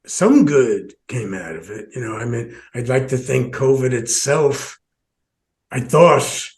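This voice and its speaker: A man's voice: medium pitch, expressive, slow pace, a little mellow. A man who hosts a podcast, telling a personal story with many restarts and short laughs. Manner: rambling, many restarts, laughs between phrases. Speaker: podcast host.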